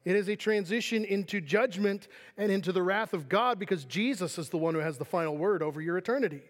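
A male pastor preaching a sermon earnestly, reading scripture slowly and dropping to quiet emphasis. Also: high voice, long reverb tail.

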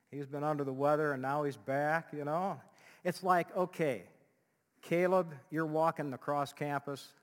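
A male pastor preaching a sermon in an animated way, dropping to a hush and rising loud again. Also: on the high side. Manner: animated, swings from loud to hushed, acts out quotes. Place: church sanctuary. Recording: long reverb of a church hall.

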